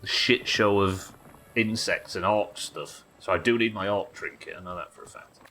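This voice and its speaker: A man's voice: lowish voice, normal speed, pushed and bright, soft background music. A man with a New Zealand accent streaming a video game live, thinking aloud, swearing casually and answering chat. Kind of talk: live gameplay commentary.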